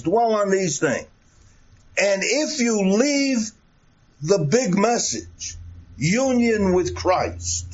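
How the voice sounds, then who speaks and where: A man preaching a sermon who reads scripture aloud and then explains it with deliberate, repeated emphasis. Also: sits high, darkish tone, lo-fi sound.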